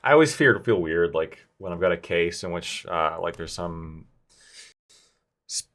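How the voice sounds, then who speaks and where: A man with a low voice talks through a live-streamed mock trial over a video call. He rambles, second-guesses himself out loud and swears in passing. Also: animated, unhurried. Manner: rambling, self-questioning, swears casually. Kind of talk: casual banter on a live stream.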